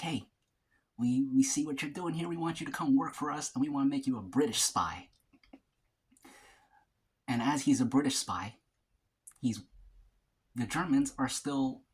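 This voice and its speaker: Husky-voiced man chatting while eating. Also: mid-range voice, darkish tone. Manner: talks between bites of food, loose and rambling; casual slang, frequent fillers and restarts. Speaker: mukbang vlogger. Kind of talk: casual storytelling while eating.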